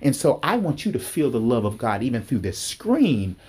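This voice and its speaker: Man preaching with fervor; husky, darker timbre, repeats phrases and leaps upward when heated. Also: sing-song, moderate pace, a little mellow. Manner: fervent, repeats himself, pitch climbs sharply when worked up. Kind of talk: impassioned sermon-style talk. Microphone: speaking to a recording device.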